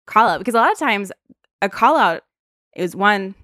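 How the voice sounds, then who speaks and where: A woman's voice: mid-range voice, expressive, normal speed, sharp tone, no room sound, clean studio sound. A woman in a casual conversation who agrees often and talks hesitantly, with many fillers.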